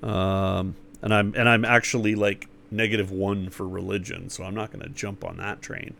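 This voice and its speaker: Man, tabletop player, hesitant, halting, low gravelly voice. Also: little pitch movement, fairly bright tone, a little hiss or hum. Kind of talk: casual chat at a tabletop game.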